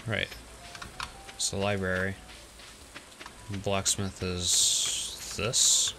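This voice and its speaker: Slow, low-voiced young man streaming a game. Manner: relaxed, unhurried thinking aloud. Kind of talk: casual game commentary. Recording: noticeable background noise with clicks.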